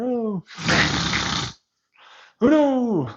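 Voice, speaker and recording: High-voiced man in a profane rant. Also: big pitch swings, moderate pace, highs cut off. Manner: profane, swinging between shouted mockery and low mutters. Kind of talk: ranting commentary over gameplay.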